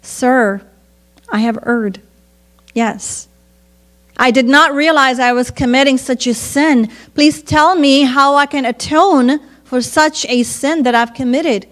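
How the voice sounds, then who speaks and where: A woman's voice: on the high side, slow pace, long pauses. A woman voicing a simple shepherd man as he prays tenderly and pleads. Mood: humble, contrite. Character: humble simple old shepherd man praying.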